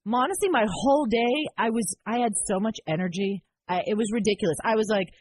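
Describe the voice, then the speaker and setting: A woman's voice: mid-range voice, quick pace, slight background noise. A woman in her thirties co-hosting a casual podcast chat, telling stories and acting out what people said. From United States. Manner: animated storytelling with acted-out quotes. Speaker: podcast co-host.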